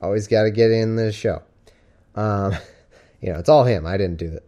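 A man's voice: lowish voice, moderate pace, long pauses, warm tone, muffled recording. A man hosting a podcast livestream from home, chatting casually and rambling with jokes and fillers. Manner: rambling, joking, with many fillers. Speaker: podcast host. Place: at home with his cat.

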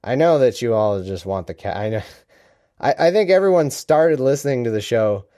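A man talks loosely at home as the host of his own podcast. He rambles and jokes, breaking off mid-sentence to restart. His voice sits at an ordinary middle pitch. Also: animated, moderate pace, dark tone. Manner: rambling, joking, self-interrupting. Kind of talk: casual livestream chat. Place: home room.

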